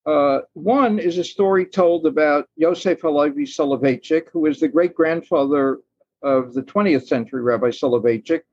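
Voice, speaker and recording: A man's voice: a little high, normal speed, darkish tone, slightly rough, no echo, lo-fi sound. A man telling stories as a guest on a podcast interview, thoughtful, acting out the lines of the people in them. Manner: thoughtful storyteller, acts out quoted lines. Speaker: guest author.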